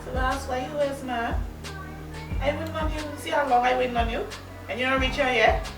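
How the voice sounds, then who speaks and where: A woman acting as a scolding Bahamian partner who talks fast and curtly. She is recorded far from the mic in an echoey room. Music plays clearly behind her. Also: sits high, steady tone, lightly acted. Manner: curt, scolding. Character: adult woman, the man's sharp-tongued impatient partner. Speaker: actor in a low-budget feature film. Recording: roomy, distant, with music behind.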